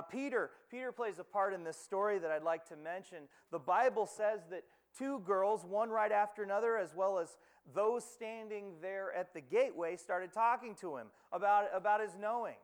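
A man with a notably high voice delivers a sermon, retelling a scripture story with dramatic pauses. He asks rhetorical questions and acts out quoted lines along the way. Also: animated. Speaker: preacher.

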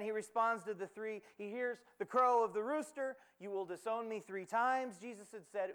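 A man preaching a sermon, retelling scripture with dramatic pauses, rhetorical questions and quoted lines. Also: sits high, a bit bright, clear, resonant tone.

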